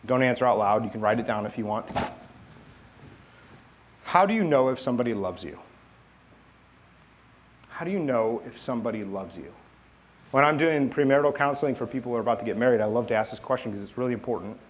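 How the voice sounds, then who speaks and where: Guy pastor preaching, chatty storytelling tone, mid pitch voice. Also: expressive, fast, long pauses. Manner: conversational storytelling. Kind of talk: sermon.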